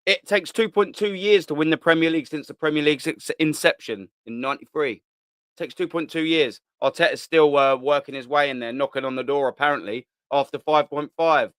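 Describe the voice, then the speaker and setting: A young man rants on a live fan stream, repeating himself and swearing as he works up his anger. His voice sits fairly high. The sound is dry and close, with no room echo. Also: fairly quick, fairly bright tone, smooth. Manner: heated, ranting, repetitive, swears. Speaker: host of a live fan channel. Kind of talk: live-stream rant reading the chat.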